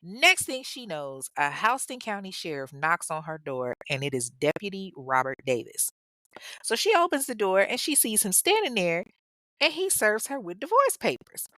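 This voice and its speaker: A woman hosts a podcast and tells a true-crime story in a casual, sassy way, full of profane jokes. Her pitch rises and falls freely. The recording is close and dry, with no room sound. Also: sing-song, normal speed, sharp tone, no room sound. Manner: sassy, profane, humorous asides. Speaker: podcast host.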